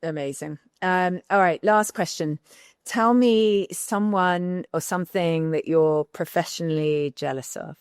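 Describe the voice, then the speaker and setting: A woman's voice: fairly low pitch, a little slow, darkish tone, smooth, no room sound, studio quality. A woman hosting a podcast interview, asking friendly questions and closing the show. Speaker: podcast host.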